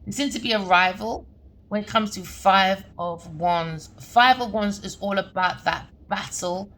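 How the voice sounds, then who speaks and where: A woman's voice: mid-range voice, measured pace, a bit bright. A woman giving a spoken tarot reading to her viewers in a rambling, repetitive flow, often checking in with "okay?" or "all right?". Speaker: tarot reader.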